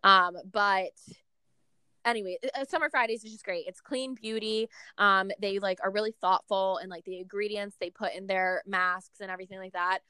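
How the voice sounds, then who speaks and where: Bright, chatty young woman. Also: mid-range voice, steady tone, normal speed, clear, resonant tone, dry recording. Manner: chatty, many fillers like "like" and "um". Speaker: podcast co-host. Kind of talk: casual chat.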